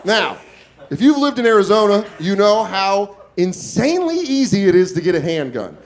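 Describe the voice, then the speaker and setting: A man's voice: high-pitched, very animated, normal speed. A man in his forties telling a profane, self-deprecating story on a comedy club stage, acting out the voices of others. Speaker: stand-up comedian. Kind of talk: stand-up storytelling. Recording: loud crowd laughter and noise.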